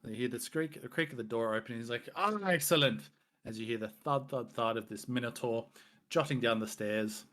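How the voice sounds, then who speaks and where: A man narrating as game master, describing scenes in a relaxed, loose way. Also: medium pitch, fairly quick. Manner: relaxed, loose, many fillers.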